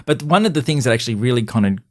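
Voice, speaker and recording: A man's voice: medium pitch, expressive, very fast. A man co-hosting a podcast, ranting in casual chat with exasperation and swearing. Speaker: podcast co-host.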